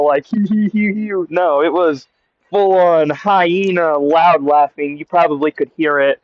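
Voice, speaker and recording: A young man from the US, who vlogs stories, rambles casually through one outdoors and laughs a lot. His voice sits on the high side, recorded through earbud mics that give a dry, muffled, lo-fi sound.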